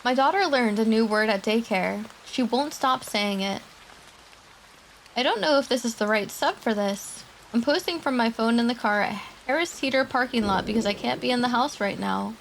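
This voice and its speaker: Woman, streamer, gravelly fry, higher voice, reading scary stories to chat, casual asides. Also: moderate pace, a little hiss or hum, low-quality recording. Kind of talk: reading horror stories aloud to a live chat.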